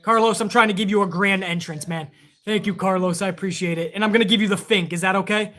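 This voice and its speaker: A man hosts a live wrestling stream in a loose, rambling way, swearing freely as he reads out viewer donations. His voice sits high and has a bright, sharp edge to it. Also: steady tone, fast. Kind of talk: casual live-stream chat.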